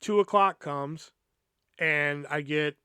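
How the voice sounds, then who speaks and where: A man's voice: a little high, slow, clean tone, no echo, clean studio sound. A man hosting a podcast, telling a personal story in a casual, profane, rambling way. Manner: profane, rambling, animated retelling. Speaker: podcast host.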